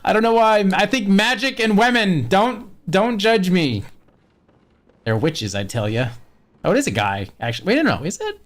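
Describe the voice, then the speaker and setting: A video game streamer chatting through gameplay in a casual, animated way. The pitch swings around a lot, with frequent laughs and offhand swearing. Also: normal speed.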